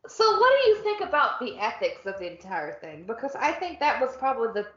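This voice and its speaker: A woman's voice: fairly high pitch, sing-song, fairly quick, a bit bright, echoey room, highs cut off. A woman co-hosting a casual chat podcast, joking and trailing off mid-sentence. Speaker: podcast co-host. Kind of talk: casual chat over wine.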